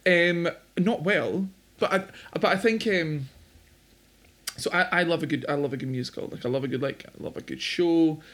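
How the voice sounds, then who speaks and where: A man's voice: fairly high pitch, moderate pace, a bit bright. A man in his thirties, a guest in a casual chat, talking in a chatty, self-deprecating way.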